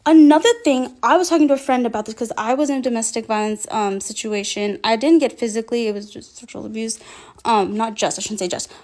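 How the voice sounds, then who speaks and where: Woman, higher voice, impassioned online commentary, emphatic and heated delivery. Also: quick pace. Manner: emphatic, rising to near-shouting. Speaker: social media commentator.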